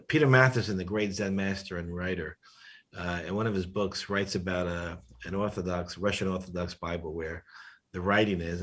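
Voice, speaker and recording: A man hosting a podcast conversation, thinking aloud and stopping often to restart his sentences. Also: low voice.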